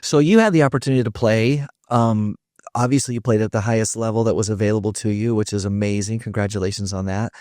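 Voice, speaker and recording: A man's voice: fairly low pitch, fairly even intonation, fast, a little mellow, no echo, clean studio sound. A man hosting a podcast interview, affirming and reflective, drawing lessons and asking follow-up questions. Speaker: podcast host. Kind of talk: conversational interview.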